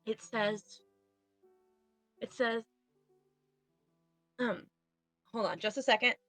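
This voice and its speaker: A woman's voice: on the high side, slow pace, fairly bright tone, no room sound, soft background music. A woman game master narrating a tabletop game in a flustered, self-deprecating way.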